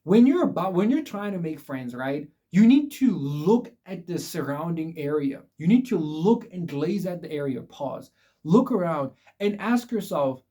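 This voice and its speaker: Young guy ranting advice at the camera, kinda high voice but warm, keeps saying guys. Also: very animated, unhurried. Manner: emphatic, repetitive, addresses viewers as guys. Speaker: vlogger giving life advice. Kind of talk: casual direct-to-camera advice talk.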